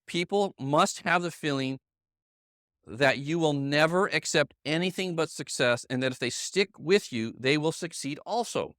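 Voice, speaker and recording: Bright, forceful man giving a sales pep talk. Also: on the high side, moderate pace, smooth, dry recording, studio quality. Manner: emphatic, repeats himself, checks in with "okay?" and "right?"; addresses colleagues in the room by name. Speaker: sales team leader giving a training. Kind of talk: motivational training talk. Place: meeting room with a live audience.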